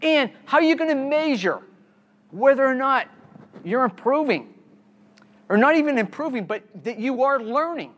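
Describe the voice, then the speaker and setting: A man's voice: very high voice, expressive, normal speed, pauses often, a bit bright. A man giving a live keynote talk on a conference stage, quizzing the audience and repeating key words, with frequent restarts.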